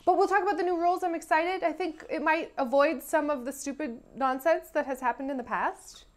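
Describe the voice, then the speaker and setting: A woman co-hosting a casual review podcast, excitable and quick to burst out loudly. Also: sits high. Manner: excitable, swings to loud outbursts. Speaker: podcast co-host. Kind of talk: casual chat.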